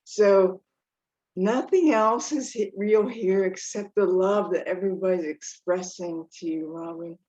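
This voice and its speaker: A woman on a video call sharing reflectively, halting and searching for her words. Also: medium pitch, a little mellow, highs cut off. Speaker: study group participant.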